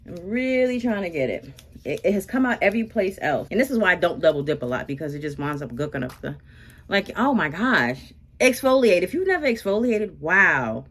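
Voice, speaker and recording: A young woman chatting casually and rambling through animated asides while waxing on her beauty vlog. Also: on the low side, fairly quick. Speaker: beauty vlogger.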